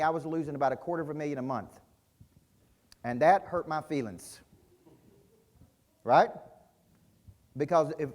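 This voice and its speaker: A man's voice: a little high, a little mellow. A middle-aged man giving an intense, punchy business-coaching keynote at a conference, often quizzing his audience. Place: conference hall stage.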